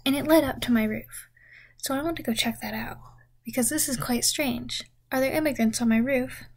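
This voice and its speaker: Breathy young woman, half-whispered deadpan storytelling. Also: sits high, moderate pace. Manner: deadpan rambling, many swear words and 'freaking'. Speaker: content creator. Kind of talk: absurd comedic storytime monologue, half whispered.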